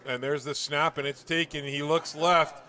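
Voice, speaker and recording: An excitable Canadian man calls football play-by-play from an outdoor field. His voice is bright and sharp, sitting a little high, and it jumps up whenever a big play breaks open. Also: moderate pace. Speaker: play-by-play commentator. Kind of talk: live sports play-by-play.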